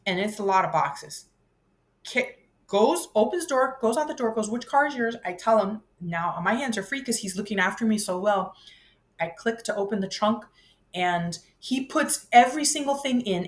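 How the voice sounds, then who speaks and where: Animated woman in her fifties telling a story. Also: medium pitch. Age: 50s. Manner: animated, acts out her own voice and others' in the story; rambling, self-interrupting. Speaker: vlogger. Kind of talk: personal storytelling.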